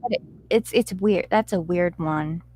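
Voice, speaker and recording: A woman's voice: lowish voice, measured pace, darkish tone. A woman co-hosting in casual chat, making dry remarks and laughing easily.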